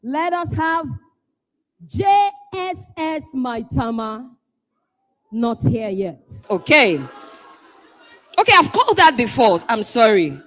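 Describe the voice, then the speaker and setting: A Nigerian woman hosting a live event, calling out schools one by one, playful and teasing, often shouting to get the crowd going. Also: a little high, very animated, slow, pauses often, soft background music. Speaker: event host.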